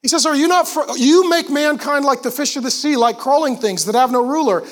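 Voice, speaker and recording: A pastor preaching a sermon to a congregation in a church, animated and emphatic, with quick asides to the crowd. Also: male voice, extremely high pitch. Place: church auditorium before a congregation.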